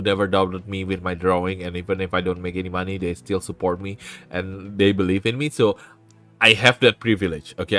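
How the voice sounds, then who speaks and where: A man's voice: deep voice, a bit bright. A man with an Indonesian accent chatting casually on a stream, earnest and repeating phrases for emphasis, on a desk microphone.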